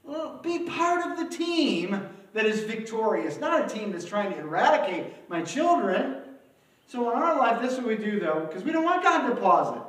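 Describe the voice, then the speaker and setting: A male pastor preaching a sermon in a church, with dramatic swings between loud outbursts and hushed emphasis. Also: very high-pitched, big pitch swings, moderate pace, recorded from a distance. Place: church, alone without live audience. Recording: very echoey room, voice from afar.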